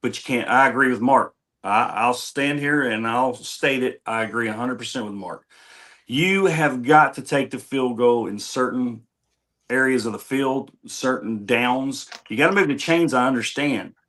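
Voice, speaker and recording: A man's voice: medium pitch, normal speed, a bit bright. A man on a streamed sports talk show, speaking in short, fervent, punchy sentences as he backs another panelist. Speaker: co-host panelist. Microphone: online stream call.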